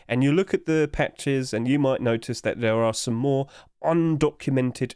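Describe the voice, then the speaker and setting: A man's voice: fairly high pitch, lively intonation, moderate pace, a little mellow, clean tone, no room sound. Rambling young man on a dry desk mic. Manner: rambling, breaks into laughter. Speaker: YouTuber giving trading tips. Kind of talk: casual screen-recorded tutorial.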